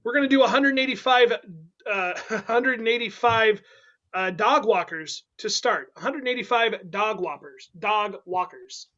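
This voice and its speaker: High bright guy hosting an improv game, playful, kinda dull lo-fi sound. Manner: playful, quick, laughing asides.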